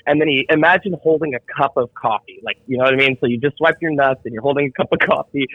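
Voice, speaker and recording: A man's voice: mid-range voice, fast talker, no room sound, phone-quality sound. A man telling a crude, rambling story on a casual podcast, often laughing at his own punchlines. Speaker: podcast co-host.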